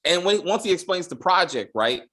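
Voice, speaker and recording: A man co-hosting a casual TV review, animated and acting out characters' lines in funny voices. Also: high voice, a little fast. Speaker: podcast co-host.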